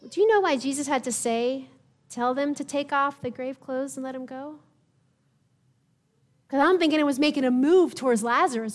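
A woman's voice: high voice, normal speed. A woman pastor preaching a sermon, retelling a story conversationally and acting out the voices of the people in it.

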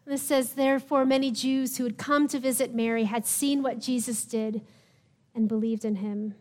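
High-voiced woman preaching a sermon. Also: fairly even intonation, normal speed, darkish tone. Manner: conversational storytelling, acts out voices of the crowd. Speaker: pastor.

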